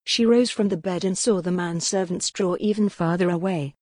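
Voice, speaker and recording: A woman narrates a gothic novel in a measured, dramatic storytelling voice. Her tone sits a little low. The recording is close and dry, with no room sound. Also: darkish tone, no echo. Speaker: audiobook narrator. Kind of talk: scripted narration.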